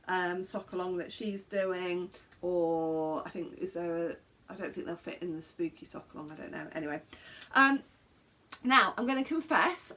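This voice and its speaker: A woman's voice: medium pitch, fairly bright tone. A middle-aged woman from England, chatting casually to camera as a knitting podcaster, rambling and self-deprecating with plenty of asides.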